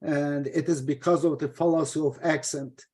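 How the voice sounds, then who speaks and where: A middle-aged man, Turkish his first language, leads an informal study session on scripture translation. His voice sits a bit high for a man. He talks in an explaining, halting way, full of fillers and restarts. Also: steady tone, a little mellow.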